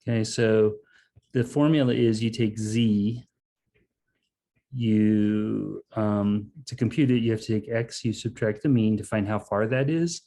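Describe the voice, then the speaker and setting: A man's voice: on the low side, a little slow, dark tone. A man teaching a math lesson online, explaining step by step in a casual way and saying "okay" and "um" often. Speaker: math instructor. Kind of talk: online lecture.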